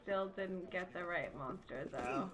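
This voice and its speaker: A woman's voice: on the low side, background noise. Blunt, swearing woman streaming a game. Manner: blunt, swears often, quick reactive outbursts. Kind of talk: casual live gameplay commentary.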